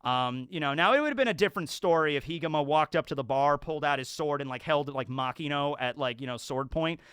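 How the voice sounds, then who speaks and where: Bright, crisp-voiced man rambling casually. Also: a little high, fast talker, dry recording, studio quality. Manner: rambling, chatty, filler-heavy. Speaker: YouTube show reviewer. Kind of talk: casual episode breakdown.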